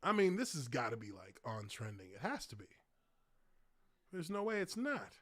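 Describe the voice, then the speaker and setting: A man in his thirties giving casual live-stream commentary, excitable and hyped, laughing often. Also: medium pitch, moderate pace.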